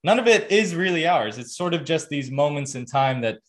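A man's voice: a little high, lively intonation, moderate pace. A young adult man hosting a podcast, telling a story in a casual, earnest way with lots of fillers and restarts. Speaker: podcast host.

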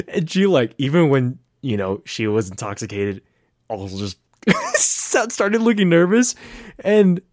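A young man from the San Francisco Bay Area co-hosting a podcast, chatting casually and telling animated stories with lots of "like.". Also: medium pitch, unhurried, no echo, clean studio sound. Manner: animated storyteller, heavy use of "like". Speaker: podcast co-host. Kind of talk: casual chat.

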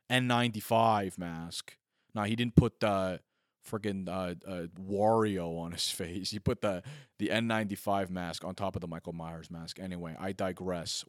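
Rambling man, low voice. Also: dry recording, studio quality. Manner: rambling, heavy on filler "like", self-mocking. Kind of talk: casual comedic storytelling monologue.

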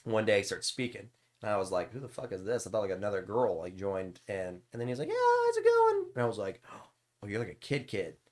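A man's voice: fairly low pitch, fairly quick. A young man who streams games, telling rambling stories in casual podcast chat, swearing and laughing often.

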